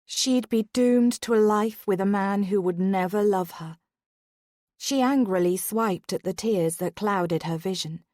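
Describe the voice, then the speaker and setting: A woman narrating a romance audiobook in a steady, unhurried reading voice on a close studio mic. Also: mid-range voice, dry recording.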